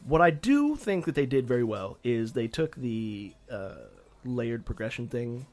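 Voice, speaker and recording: A man co-hosting a casual gaming podcast, talking in a rambling, animated way with frequent restarts and casual swearing. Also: medium pitch, measured pace. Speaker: podcast co-host. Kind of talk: casual chat.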